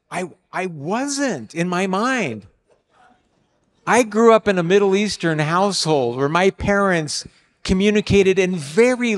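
An older man delivers a sermon about marriage in a slightly raised voice. He is animated and acts out the lines he quotes, with sudden loud outbursts. The sound carries a long reverb from a large hall. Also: high voice. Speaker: speaker on marriage.

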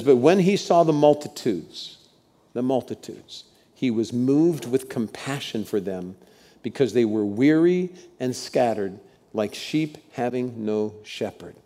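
A man preaching a sermon, expressive, sometimes dropping to a hushed, soft voice. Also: mid-range voice. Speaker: pastor.

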